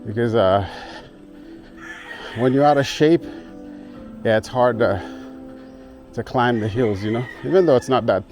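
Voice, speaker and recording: A man with a mid-range, darkish voice vlogs casually on a rural trail, a little slow and pausing often, out of breath from the climb. Easygoing, he chuckles a lot and greets locals, filmed on a handheld camera with faint music behind.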